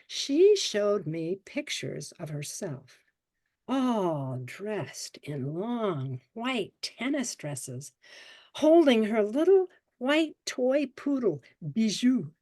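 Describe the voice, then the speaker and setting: A woman in her seventies shares a childhood memory as a storyteller, painting scenes in vivid detail. Her mid-range voice moves with lively, animated pitch as she draws listeners in. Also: extremely slow. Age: 70s. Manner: vivid, expressive childhood memoir telling. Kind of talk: personal storytelling. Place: story swap event.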